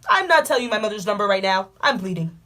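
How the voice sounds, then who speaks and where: A woman recounting a story for her vlog with lively, dramatic emphasis and frequent offhand asides. She talks into a camera mic at home, casual and expressive. Her pitch sits in a typical middle range for a woman. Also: fast. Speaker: vlogger.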